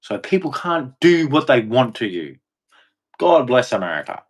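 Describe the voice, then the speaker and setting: A man's voice: mid-range voice, sing-song, moderate pace, slightly rough. A man giving an emphatic, repetitive monologue, swearing and acting out quoted voices as he goes. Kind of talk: ranting monologue.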